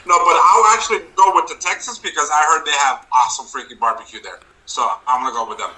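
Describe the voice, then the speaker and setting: A man's voice: a little high, fast, pushed and bright, poor audio. A man co-hosting a casual sports podcast, playfully giving silly reasons for his picks. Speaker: podcast co-host. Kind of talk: casual chat.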